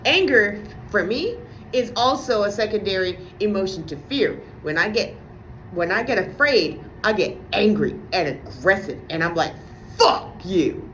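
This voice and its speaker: Woman venting with loud profanity, highly animated. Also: normal speed, slight background noise. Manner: profane, ranting, sarcastic. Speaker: vlogger. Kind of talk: casual venting monologue.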